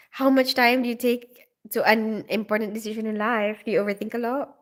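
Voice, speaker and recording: A woman hosting a live stream talks in a somewhat high voice, loose and chatty as she greets her viewers. She giggles often and answers their questions in an easy, personal way. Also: fairly even intonation, a little fast. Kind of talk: casual live-stream chat.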